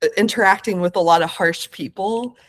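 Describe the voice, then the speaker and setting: A woman's voice: mid-range voice, brisk. A woman in her late thirties, a podcast guest telling her own story in an earnest, searching way, with many fillers and self-corrections. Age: 30s. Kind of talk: reflective conversational interview.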